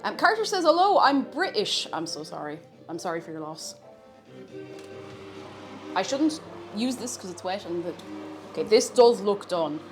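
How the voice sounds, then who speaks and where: A woman's voice: lowish voice, big pitch swings, normal speed, pauses often. A young Irish woman streaming live as she cooks, chatting playfully with her chat and reading out messages. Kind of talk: casual live-stream chat while cooking. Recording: faint music in background.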